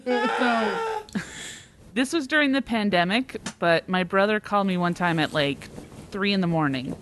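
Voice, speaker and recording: A woman co-hosting a podcast, telling a funny anecdote in an animated, joking way. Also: mid-range voice, measured pace, background noise. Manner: animated, joking, laughs while talking. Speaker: podcast co-host. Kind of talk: casual chat, anecdote.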